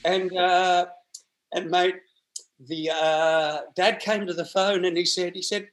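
A man's voice: high-pitched, level tone, slow. A man, telling stories as a podcast guest, acting out voices, with many restarts. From Australia. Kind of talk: casual storytelling.

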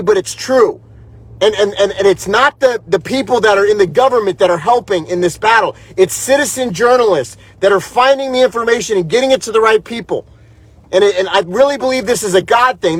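A man's voice: high-pitched, husky, dry recording. A man preaching an emotional update as pastor and host, fervent and repeating himself, close to tears. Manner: fervent, repetitive, preacher's cadence.

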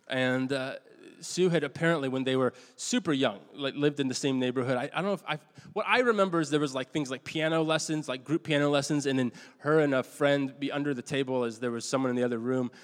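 Man preaching in a reverberant hall. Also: medium pitch. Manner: conversational storytelling, halting restarts, self-deprecating. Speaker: pastor. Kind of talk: sermon.

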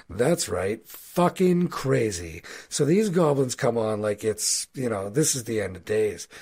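A man narrating a tabletop role-playing game as game master, telling a fight scene in a loose, animated, swearing way. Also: medium pitch. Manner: animated, swearing, casual storytelling.

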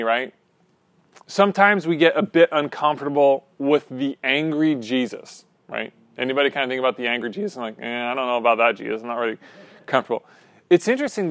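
A man leads a relaxed Bible class in a small room, his voice sitting a little high. He talks through his points conversationally, often checking in with the group. The recording is dry, with little room sound. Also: dry recording. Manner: conversational, many asides and "right?" checks with the group. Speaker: Bible study teacher. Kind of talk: informal Bible class lecture.

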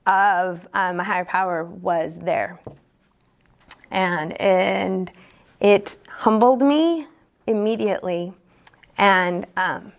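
A woman telling her own recovery story at a support meeting, candid and earnest, halting often with fillers and restarts. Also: medium pitch, vocal fry. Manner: earnest and emotionally open. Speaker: speaker sharing at a recovery meeting. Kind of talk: personal recovery testimony.

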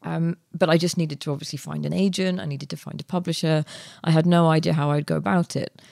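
A young woman, a guest author, telling her story in a relaxed interview, chatty with many fillers and restarts. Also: sits low, quick pace, vocal fry, no echo, studio quality.

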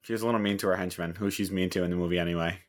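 A man's voice: low voice, steady tone, very fast. A man co-hosting a podcast, giving casual, laid-back opinions on a movie. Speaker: podcast co-host. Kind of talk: casual movie review chat.

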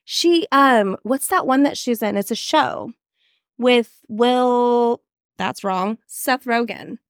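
A young woman co-hosting a podcast in casual chat, giggly and animated, swearing freely. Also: fairly high pitch, takes it slowly, dry recording, clean studio sound. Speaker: podcast co-host.

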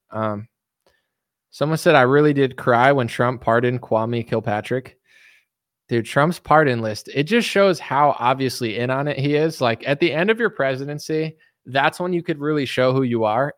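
A young man hosts a casual livestream, reading viewer comments out loud and answering them with sarcastic mockery, often leaping into impressions. His voice is fairly high and brisk, recorded clean in a studio with no room sound.

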